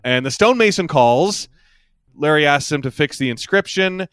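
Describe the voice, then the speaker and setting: A man's voice: fairly high pitch, expressive, normal speed, a bit bright, clear, resonant tone, no echo, studio quality. A man co-hosting a podcast, recapping an episode in casual chat, rambling through asides and laughing often. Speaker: podcast co-host.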